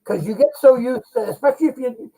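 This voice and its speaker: A man's voice: extremely high pitch, fast talker, dark tone, poor audio. A man co-hosting a casual live-stream chat, giving folksy selling advice. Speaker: co-host.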